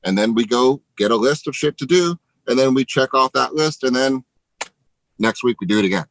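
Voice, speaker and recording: A man giving an energetic motivational pep talk to real estate agents, emphatic and casually profane. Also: mid-range voice, brisk, no echo, rough recording. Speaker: real estate team leader.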